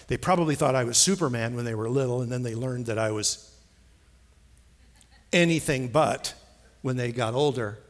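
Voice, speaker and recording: A middle-aged man preaching a sermon in a church, emphatic and repetitive, swinging between soft asides and loud, stressed phrases. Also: mid-range voice, moderate pace, pauses often. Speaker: pastor. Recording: long hall reverb.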